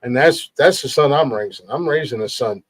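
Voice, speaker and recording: A middle-aged man hosts a podcast in an earnest, emphatic way, with plenty of swearing. His voice sits at a mid pitch and sounds close and dry. He often restarts and repeats words as he pushes his point. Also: lively intonation, fairly quick, no echo. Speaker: podcast host. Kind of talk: casual podcast talk.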